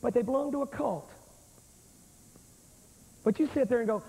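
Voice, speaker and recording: A preacher with a high, ringing man's voice delivers a revival sermon in a packed church sanctuary. He is folksy and emphatic, talking straight to the congregation. His words echo through a big, reverberant hall on an old videotape recording. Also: normal speed, vocal fry, long pauses, mellow. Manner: folksy, emphatic, addresses the crowd directly. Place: large church sanctuary with thousands present.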